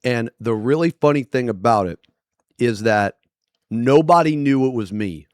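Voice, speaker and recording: A male streamer telling a story in casual, profane livestream chat with animated storytelling. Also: medium pitch, a little slow, no echo, clean studio sound.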